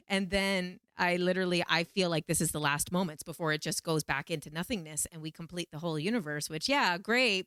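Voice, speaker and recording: A woman vlogger telling a personal story in a casual, animated way, acting out her own pleading lines in a higher voice. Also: a little fast, few pauses, clear, resonant tone, no room sound, studio quality. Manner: animated, quotes herself in pleading high voice.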